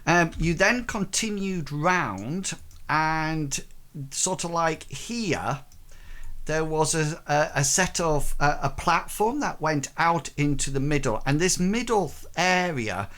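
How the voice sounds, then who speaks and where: A man running a tabletop game as game master, recapping events slowly with many pauses and fillers. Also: on the high side, animated, fairly bright tone.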